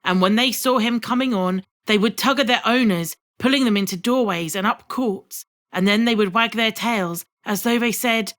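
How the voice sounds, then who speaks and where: A woman reading a classic story aloud as an audiobook narrator, in measured and expressive scripted narration. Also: fairly high pitch.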